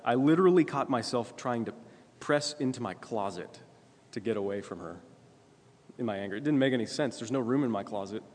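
Man preaching in a reverberant hall. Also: mid-range voice. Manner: conversational, keeps asking "right?"; frequent throat clearing. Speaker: pastor. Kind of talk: sermon.

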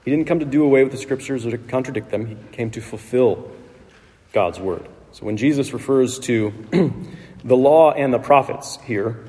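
Mellow-voiced preacher in a reverberant hall. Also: male voice, mid-range voice, moderate pace. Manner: conversational, with asides and light laughs. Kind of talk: sermon. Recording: long reverb of a large hall.

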